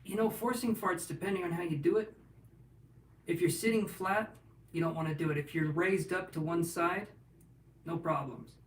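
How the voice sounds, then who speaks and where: On his casual livestream, a man with a rather high voice reads tarot at a moderate pace, chatting and joking while he responds aloud to what viewers ask. The mic is distant, the room feels roomy, and a soft background hum lingers under his voice.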